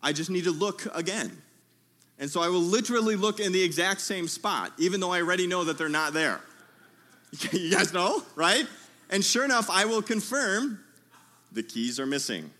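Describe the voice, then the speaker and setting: A pastor delivers a sermon inside a tent. His voice is high and piercingly bright. He tells a humorous story in a lively way and keeps drawing his listeners in with questions. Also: moderate pace. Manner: lively, humorous storytelling with audience call-outs.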